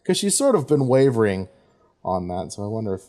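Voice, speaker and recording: A man's voice: on the low side, big pitch swings, a little fast, dark tone. A man giving offhand, rambling commentary over his gameplay, with fillers and asides. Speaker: gameplay video host. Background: game music.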